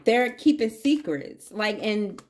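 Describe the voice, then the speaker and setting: A woman's voice: mid-range voice, expressive, takes it slowly, background noise. A woman giving a casual tarot reading to her viewers, chatty and playful, calling them baby and y'all. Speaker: tarot reader.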